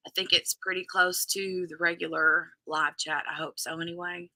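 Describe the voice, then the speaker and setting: A woman's voice: on the low side, flat delivery, moderate pace, bright, forceful tone, dry recording. A woman hosting a casual live stream, chatting and greeting viewers by name. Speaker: livestream host.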